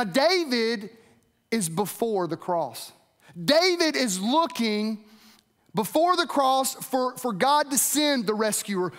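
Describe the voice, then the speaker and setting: A man's voice: high-pitched, fairly bright tone, big-room sound. A man preaching a weekend sermon as pastor, earnest, lifting and dropping his voice for emphasis.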